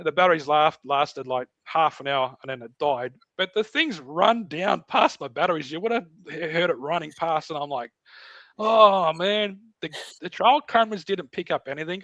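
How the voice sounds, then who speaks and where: A middle-aged Australian guest on a podcast narrates a tale in casual talk, full of animation and performed voices and sounds. He speaks briskly with a fairly high pitch; there's no echo, and the highs are cut off.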